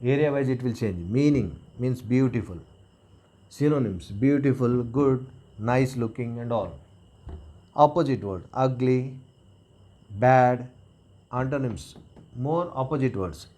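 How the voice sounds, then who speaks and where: A man's voice: mid-range voice, a little slow, pauses often, mellow. Man teaching a grammar lesson. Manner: explains step by step, often checking with "right?". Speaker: English teacher.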